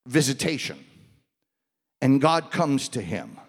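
Slow, dramatic male preacher in a reverberant hall. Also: mid-range voice, sing-song. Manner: dramatic, swings between loud and hushed delivery. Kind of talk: sermon.

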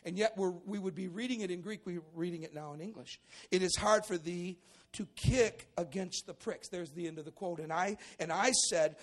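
A man, a pastor preaching a sermon in a church service, who swings from quiet asides to shouted exclamations and often repeats and restarts his words. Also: high-pitched, moderate pace. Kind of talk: sermon with Bible reading.

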